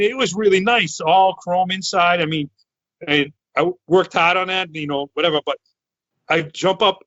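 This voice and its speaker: A man from Massachusetts in his thirties, a podcast co-host telling a long story in a loud, excitable, rambling way, full of restarts. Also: high-pitched, no echo, muffled recording. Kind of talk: casual storytelling chat.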